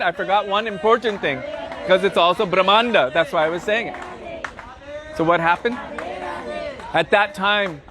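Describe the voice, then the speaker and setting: A man guiding a pilgrimage, telling devotional stories with dramatic, animated delivery at an outdoor riverside site. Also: high-pitched. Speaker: pilgrimage guide and storyteller. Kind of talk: devotional storytelling on a pilgrimage tour.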